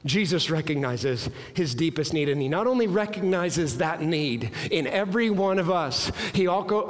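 Earnest preacher in a reverberant hall. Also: male voice. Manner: earnest, rising to emphatic peaks then dropping low. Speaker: pastor. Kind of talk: sermon.

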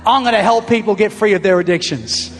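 A man's voice: sits high, fairly quick, creaky, a little hiss or hum. A man quoting his earnest elderly father. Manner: earnest, solemn vow-making. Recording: long hall reverb, faint music.

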